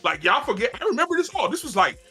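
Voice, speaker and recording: A high-pitched man with a bright, forceful tone rambles through his point on a gaming podcast, restarting sentences as he goes. Faint music plays underneath. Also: big pitch swings, very fast, slightly rough. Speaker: podcast co-host. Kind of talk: casual chat among friends.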